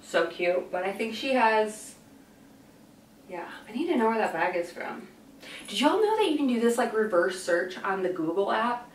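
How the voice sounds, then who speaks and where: A woman's voice: mid-range voice, sing-song, moderate pace, far from the mic, slight background noise. A young woman chatting casually in a fashion vlog, rambling and going off on tangents. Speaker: fashion vlogger. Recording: echoey room, voice a bit off-mic.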